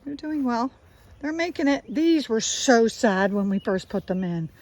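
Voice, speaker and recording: A woman's voice: fairly high pitch, animated, unhurried, a little mellow, no echo, low-quality recording. Chatty woman touring her garden outdoors. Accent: South Jersey. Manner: chatty, enthusiastic, points things out as she walks. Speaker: gardener giving a garden tour. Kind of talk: casual walking garden tour.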